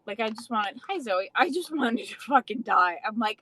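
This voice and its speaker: A woman's voice: on the high side, animated, normal speed, pushed and bright, a little hiss or hum, low-quality recording. A young adult woman casually chatting on a livestream, swearing freely and answering viewers' comments. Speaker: livestream host.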